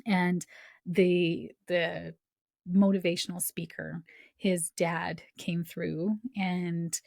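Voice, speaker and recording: A woman hosts a podcast, telling a personal story in a low, gravelly voice. She talks in a loose, chatty way, full of fillers and quick laughs, and mimics the people she quotes. The sound is close and dry. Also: flat delivery, darkish tone, no echo. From Canada. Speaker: podcast host.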